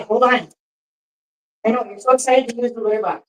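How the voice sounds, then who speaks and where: While doing chores at home, a woman who hosts a cat channel chats casually on a livestream in a somewhat high voice. She switches between talking to viewers and cooing baby talk at her cats, speaking a little fast with fairly even intonation and frequent pauses. She sounds a bit far from the mic.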